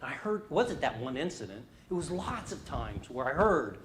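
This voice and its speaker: Here a middle-aged man leads an interactive leadership workshop at a moderate pace, his mid-range voice making big pitch swings as he speaks animatedly and asks the audience questions. There's slight background noise.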